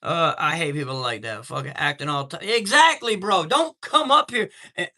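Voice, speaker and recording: A man's voice: a little high, lively intonation, moderate pace, bright, forceful tone. A man hosting a live stream, telling a heated story in a profane, streetwise way and greeting viewers from chat.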